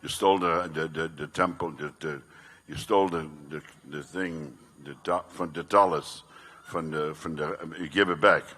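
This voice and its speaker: A man's voice: rumbling low, steady tone, moderate pace, a bit bright, long reverb tail, pitched below the performer's own voice. A male comedian playing a flustered man who stammers and mumbles while accusing a woman of theft.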